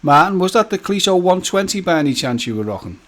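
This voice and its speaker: A man's voice: sits high, sing-song, fast, fairly bright tone. A man hosting a casual live stream, chatting with his viewers by name and joking as he goes. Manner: chatty and jokey, speaks straight to viewers by name; loose rambling talk with many fillers and restarts.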